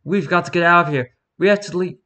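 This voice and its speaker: A man's voice: sits high, quick pace, sharp tone, voice pushed up. A man voicing a panicked male convict prisoner who pleads and begs. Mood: terrified. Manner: pleading, then frantic and screaming.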